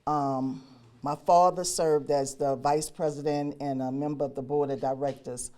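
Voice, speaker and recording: A woman introducing herself in a plain, measured way during a ceremony speech. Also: deep voice, fairly even intonation, dark tone. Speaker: community member speaking.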